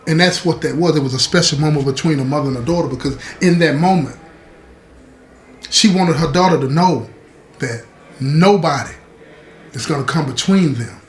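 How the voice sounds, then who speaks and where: A man's voice: on the high side, moderate pace, long pauses. A man telling a story in a casual, conversational way, speaking directly to his listeners. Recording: roomy echo.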